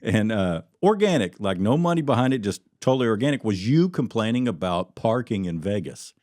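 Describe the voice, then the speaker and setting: Casual podcast host, male, low voice, rambly and laughing, dry close sound. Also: lively intonation, a little fast, darkish tone, dry recording. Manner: rambling, laughs often, trails off. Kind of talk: casual chat.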